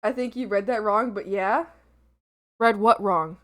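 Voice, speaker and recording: A woman's voice: mid-range voice, unhurried, fairly bright tone. A young woman streamer chatting casually, giggling often and swearing freely while she eats. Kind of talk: casual livestream chat.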